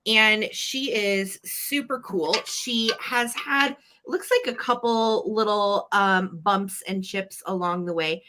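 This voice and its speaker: A woman's voice: mid-range voice, slow, few pauses, bright, forceful tone. A woman co-hosting a live vintage sale, chatty and playful as she describes items in detail. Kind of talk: live-stream auction chat.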